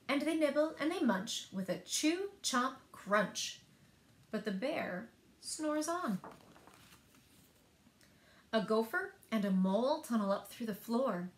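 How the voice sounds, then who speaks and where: A woman librarian reading children's picture books aloud in a rhythmic, expressive way. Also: on the high side. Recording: echoey room.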